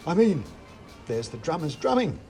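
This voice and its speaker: High-pitched, bouncy swashbuckler, boastful and eager, as a man puts him on, storybook reading. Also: lively intonation, moderate pace, dark tone, soft background music, natural voice. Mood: boasting. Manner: eager, theatrical delivery.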